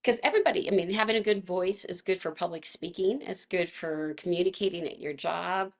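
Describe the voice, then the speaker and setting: Gravelly-voiced woman teaching a gentle class. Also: fairly low pitch, a little fast. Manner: chatty and gentle, laughs often. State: slightly froggy voice from vocal fatigue. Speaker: movement class instructor. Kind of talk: casual live online class instruction.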